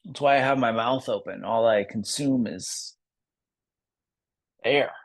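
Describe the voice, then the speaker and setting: A man voicing a smooth-talking male coyote in a told story, speaking gently and reassuringly. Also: mid-range voice, takes it slowly, no room sound.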